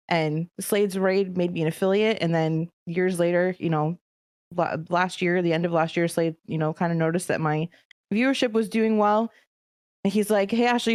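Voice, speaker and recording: A woman's voice: fairly low pitch, darkish tone, no room sound. Heartfelt woman podcast co-host, dry sound. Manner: heartfelt, close to tears. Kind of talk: casual podcast chat.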